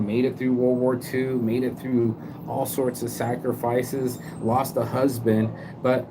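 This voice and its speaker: A man's voice: mid-range voice, fairly even intonation, normal speed, noisy background. Slangy, profane man live-streaming outdoors. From Bay Area, California. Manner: slangy, profane, loose and hyped. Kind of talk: rambling motivational live stream. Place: outdoors, walking.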